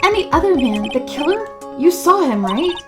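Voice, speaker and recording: A woman's voice: sits high, very animated, moderate pace. A woman voicing an earnest young male defense lawyer who asks level questions. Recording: game music behind voice.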